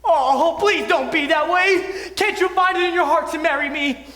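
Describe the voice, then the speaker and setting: A man's voice: very high-pitched, moderate pace, bright, forceful tone. A young man playing an earnest, pleading, lovestruck groom, recorded in an auditorium. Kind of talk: stage musical performance. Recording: echoey auditorium with music.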